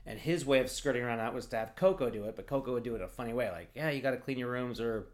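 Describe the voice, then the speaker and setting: A man's voice: medium pitch, rapid-fire. A man from Oregon co-hosting a podcast, telling long rambling stories in casual chat with plenty of fillers. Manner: rambling storyteller, lots of fillers. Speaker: podcast host.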